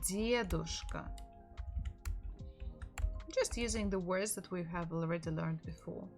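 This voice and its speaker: A woman with a Russian accent teaching a live-streamed language lesson, repeating each word slowly so learners can follow. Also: fairly low pitch, a little mellow, soft background music. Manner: slow, drilling words by repetition.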